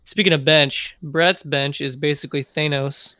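A man's voice: on the high side, steady tone, normal speed, pushed and bright, no room sound, clean studio sound. A man co-hosting a fantasy football podcast, casual and joking with playful asides. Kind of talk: casual sports chat.

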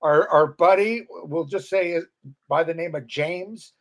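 A man's voice: fairly high pitch, a little slow, fairly bright tone. A middle-aged man and former metal guitarist, telling rambling, profane party stories in casual chat and acting out the people he quotes.

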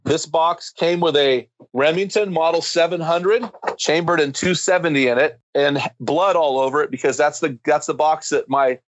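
Speaking as a guest on a men's ministry, a man with a slightly high voice preaches through a story, building emphatically to fervent peaks. He talks at normal speed with hardly any pauses, and the audio has its highs cut off plus slight background noise.

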